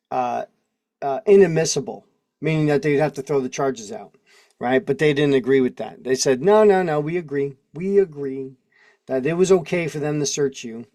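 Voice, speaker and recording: A man's voice: fairly high pitch, darkish tone, dry recording, clean studio sound. A man in his forties hosting a casual livestream, rambling and laughing as he reads legal text aloud and comments. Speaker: host. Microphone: video call mic.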